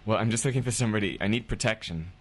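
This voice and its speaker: A melodramatic damsel in distress, as a man puts her on, pleading breathily for someone to take her away. She comes across as a young woman in trouble. The voice sits on the low side despite the feminine act. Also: rapid-fire, lightly acted.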